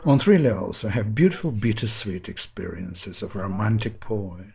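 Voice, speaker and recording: A man in his sixties, a pianist, explaining a piece of music in an emphatic, impassioned way with long pauses. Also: on the low side, creaky, dark tone. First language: Russian. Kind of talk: musical analysis talk.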